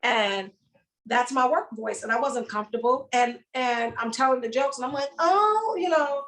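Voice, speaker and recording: A woman comedian chats casually and animatedly, slipping into acted-out voices to make her point. Her voice sits a little higher than most. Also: normal speed, poor audio. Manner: animated, acts out voices and sounds. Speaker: comedian, guest. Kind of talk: casual chat.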